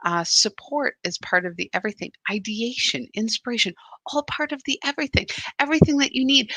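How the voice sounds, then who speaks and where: A woman hosting a live spiritual practice stream, talking in an animated, chatty way with many "right?" asides. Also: medium pitch, dry recording.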